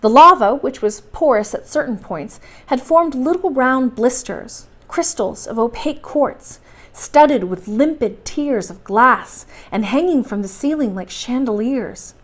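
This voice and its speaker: A woman reading a classic adventure novel aloud as a bedtime story, in steady, clear narration. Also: fairly high pitch. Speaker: library storytime reader.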